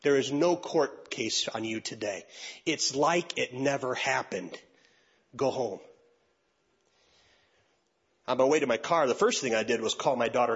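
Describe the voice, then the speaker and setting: Through a muffled recording comes a husky, mid-range male voice. The speaker is an older pastor giving a sermon, narrating a personal story in an animated way and acting out other people's voices.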